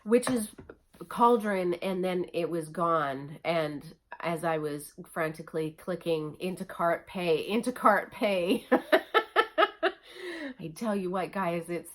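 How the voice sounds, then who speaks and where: A woman's voice: lowish voice, unhurried. A woman craft vlogger chatting casually at home, gushing and chatty with lots of fillers. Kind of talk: casual show-and-tell chat.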